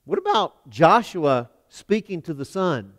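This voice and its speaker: A man preaching a sermon in a church, emphatic, swinging from loud declarations to hushed lines. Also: a little high, sing-song, unhurried. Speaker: pastor. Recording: long hall reverb.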